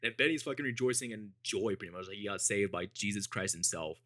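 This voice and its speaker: A man's voice: fairly low pitch, fast talker, sharp tone, no room sound, clean studio sound. A young adult man, a vlogger telling a casual, profane story with a laid-back manner and frequent laughter.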